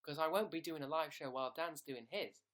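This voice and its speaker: A man's voice: a little high, brisk, a bit bright. A young man casually hosting a livestream, reading viewer messages aloud and thanking them by name. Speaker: livestream host.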